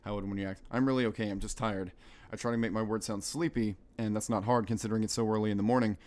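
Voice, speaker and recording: A man's voice: on the low side, rapid-fire. A young American man streaming, reading a visual novel aloud and rambling between lines. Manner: rambling, animated commentary with laughs.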